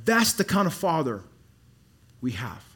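High-voiced man preaching with sudden hushes. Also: measured pace, husky. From Dallas, Texas. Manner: animated preaching, drops to quiet near-whispers for emphasis. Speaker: pastor. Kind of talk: sermon.

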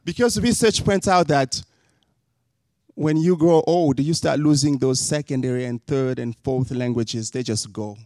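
A man's voice: medium pitch, unhurried, warm tone, dry recording. A man preaching a sermon, asking his listeners rhetorical questions.

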